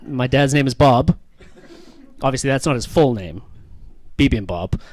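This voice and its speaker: A man's voice: medium pitch, lively intonation, moderate pace, a little mellow, a little hiss or hum. A man doing stand-up crowd work, teasing the audience with profane jokes. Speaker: stand-up comedian. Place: comedy venue with live audience.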